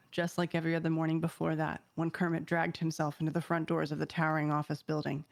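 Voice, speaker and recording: A woman with a fairly low voice reading a story aloud with mock seriousness. The sound is close and dry, with no room behind it. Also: dry recording. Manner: reads with mock seriousness, breaking into laughter. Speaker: streamer reading fan fiction.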